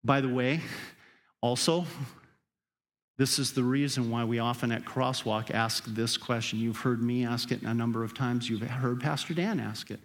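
Here a pastor preaches in a mid-range voice at a normal pace, his intonation fairly even. He addresses the congregation directly and conversationally, rising to urgent emphasis before settling down again.

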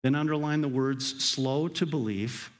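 Delivering a sermon as a pastor, a man talks straight to his congregation in a conversational way. His medium-pitched voice is unhurried, and he builds to urgent, emphatic high points, then drops back.

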